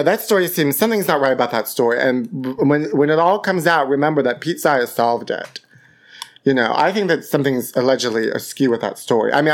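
A man hosting a gossip podcast from his apartment, theatrical and camp, calling listeners honey. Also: a little high. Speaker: podcast host. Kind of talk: campy gossip chat. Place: home apartment. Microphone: podcast microphone.

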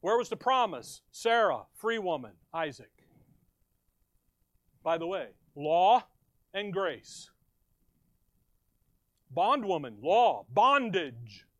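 A middle-aged man preaching a verse-by-verse sermon, swinging between loud emphasis and quiet asides. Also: sits high, sing-song, takes it slowly, long pauses, dry recording.

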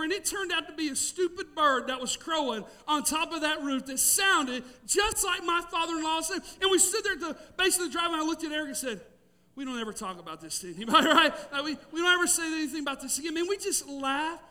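A middle-aged man, preaching a sermon with emphatic, drawn-out key words and storytelling. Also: very high voice, pushed and bright, recorded from a distance. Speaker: pastor.

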